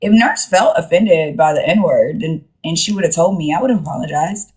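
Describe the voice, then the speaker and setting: A woman with a husky, somewhat low voice talks candidly on a live stream. She circles back to her points and leans on frequent fillers. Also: moderate pace, darkish tone, poor audio. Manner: candid, repeats herself with frequent "like". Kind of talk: casual live-stream chat.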